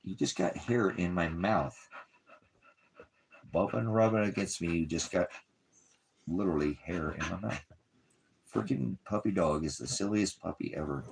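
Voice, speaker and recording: A man's voice: low-pitched, moderate pace, gravelly, long pauses, slight background noise. A man who preaches for a small ministry, talking in a rambling, off-the-cuff livestream style, breaking off to talk to his dog. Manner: meandering, jokey, talks to his dog between points.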